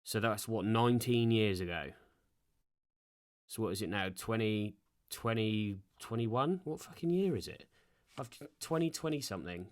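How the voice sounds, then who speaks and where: A man's voice: on the low side, dry recording, studio quality. A man in his thirties hosting a solo podcast, rambling in a casual, sweary and self-deprecating way. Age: 30s. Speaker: podcast host. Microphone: podcast microphone.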